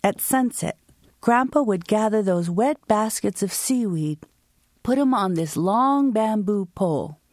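A woman of medium pitch, recorded with no room sound, tells a vivid story about her life and fields interview questions. She's from the United States, and her slow, expressive delivery brings the quotes to life through acting.

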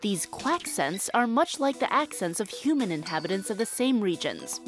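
A woman reads a brief science report in a measured, crisp news style. Faint music plays beneath her voice. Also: mid-range voice.

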